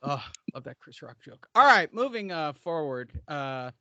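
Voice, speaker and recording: A man hosting a casual boxing podcast, excitable and joking, often cutting in with quick remarks. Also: a little high, no room sound, muffled recording. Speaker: podcast host. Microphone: headphones, podcast mic.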